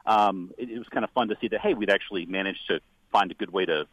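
A man from Texas calling a radio show, telling an animated story. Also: lowish voice, fast talker, husky, no room sound, low-quality recording. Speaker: caller. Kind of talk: radio call-in chat.

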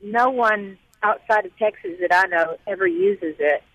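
A woman's voice: mid-range voice, moderate pace, fairly bright tone, no room sound. A woman calling a radio show, eager and friendly, heard over a dull lo-fi line. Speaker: caller. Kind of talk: radio call-in chat.

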